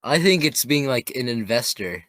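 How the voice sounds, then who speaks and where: A man's voice: medium pitch, expressive, normal speed, a bit bright, no room sound. A young man co-hosting a casual podcast, rambling through his points with lots of fillers. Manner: rambling, many fillers and restarts. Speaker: podcast co-host. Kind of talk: casual chat.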